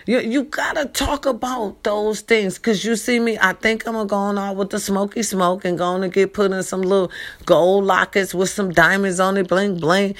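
A middle-aged woman with a mid-range voice speaks directly to the camera in a casual vlog, appealing to her followers. She is emphatic and repeats herself, switching between preaching and pleading, and she calls viewers "baby" and "y'all."

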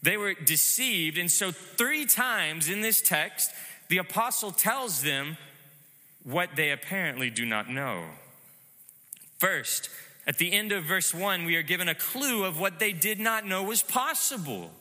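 A man preaching a sermon, measured and emphatic, asking rhetorical questions. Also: high voice, expressive, bright, forceful tone, in a large hall. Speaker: pastor.

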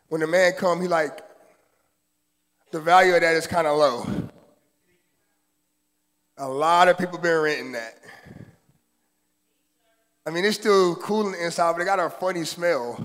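A man preaching a sermon as pastor, animated and joking, in casual slangy talk. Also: high voice. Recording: long reverb from a hall.

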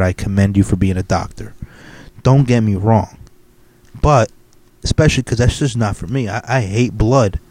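A man's voice: fairly low pitch, darkish tone. A young man hosting a solo podcast, ranting bluntly with heavy swearing. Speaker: podcast host.

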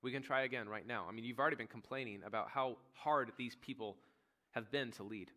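A man preaching a sermon as pastor, telling the story with lively retold dialogue. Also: mid-range voice, a little fast. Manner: animated storytelling, acting out voices of biblical figures. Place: church sanctuary.

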